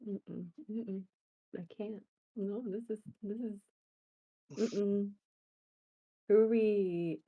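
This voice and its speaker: A woman's voice: medium pitch, steady tone, very slow, long pauses, phone-quality sound. Teasing woman on a video call. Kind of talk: joking chat on a live stream.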